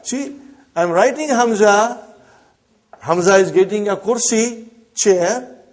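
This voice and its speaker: A man teaching Arabic to a class, slowly repeating phrases and prompting the students with short questions. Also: high-pitched. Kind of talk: classroom lesson.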